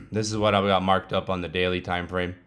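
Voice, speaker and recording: Deep-voiced casual young male trader. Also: flat delivery, moderate pace, a bit bright. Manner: casual and chatty, slangy, laughing asides. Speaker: trading vlogger. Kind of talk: casual trading vlog.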